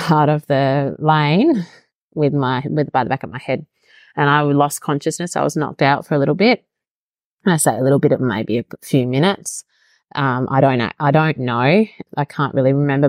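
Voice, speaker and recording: A woman's voice: sits low, no echo, studio quality. A young woman chatting casually as an interview guest, telling a personal story in a self-deprecating way and laughing now and then. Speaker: podcast guest.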